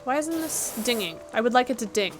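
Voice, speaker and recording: A woman's voice: a little high, expressive, fairly quick, over music. A young adult woman livestreamer, chatting casually, joking and swearing as she talks. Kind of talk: casual stream chat.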